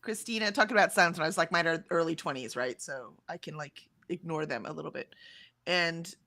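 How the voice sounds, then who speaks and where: Woman in her forties, livestream co-host, bright and chatty, reads chat aloud. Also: sits low, a little fast. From Texas, USA. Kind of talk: casual chat reading out live chat.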